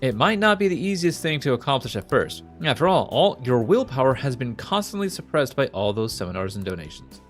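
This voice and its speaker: Earnest young woman fortune teller from a game, read by a man, lively pitch, faint game music underneath. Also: a little fast, hardly any pauses, lightly acted. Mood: encouraging. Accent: Southern US, put on. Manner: earnest, pleading, slips briefly into a folksy drawl. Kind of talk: reading video game dialogue aloud.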